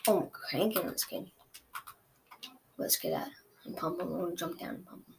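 A young woman commenting live on her own gameplay, chatty and excitable, trash-talking her opponent. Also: fairly low pitch, normal speed, gravelly, background noise. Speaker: gaming streamer.

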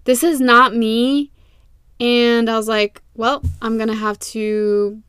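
A young woman hosting a casual faith podcast from her closet, chatty and animated, repeating herself and laughing at herself. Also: medium pitch, smooth, dry recording, clean studio sound. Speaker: podcast host. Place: small closet. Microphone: close podcast mic.

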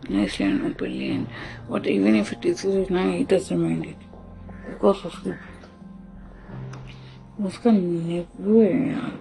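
Gravelly, lively Indian English storyteller. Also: mid-range voice. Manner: halting, restarts often, switches into Hindi. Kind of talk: casual spoken storytelling, acting out dialogue. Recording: music playing behind the voice.

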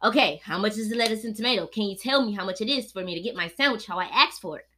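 Profane, animated young woman storyteller. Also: medium pitch, quick pace, hardly any pauses. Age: 20s. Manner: animated, profane, swinging between laid-back and heated. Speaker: podcast host. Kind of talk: casual storytelling monologue.

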